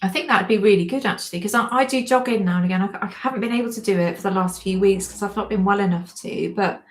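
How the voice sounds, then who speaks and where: A chatty woman in her forties hosts a relaxed livestream, answering comments in a friendly, self-deprecating way. She keeps dissolving into giggles between her words. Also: medium pitch, fast talker. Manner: giggly, keeps breaking into laughter. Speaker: livestream host. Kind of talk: casual livestream chat reading comments.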